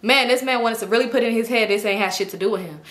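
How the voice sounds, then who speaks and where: A young woman tells a personal story straight to her viewers, fast and lively. Her voice sits a bit high and comes across bright and sharp. She is animated and swears freely. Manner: animated, profane, acts out quotes. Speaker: storytime vlogger. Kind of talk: casual storytelling.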